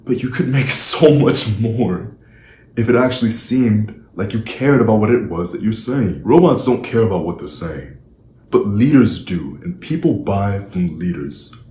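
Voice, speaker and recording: Deep-voiced emphatic male speaking coach. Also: dark tone, roomy sound, slight background noise. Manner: emphatic, varies speed and volume for weight. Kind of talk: direct-to-camera coaching talk.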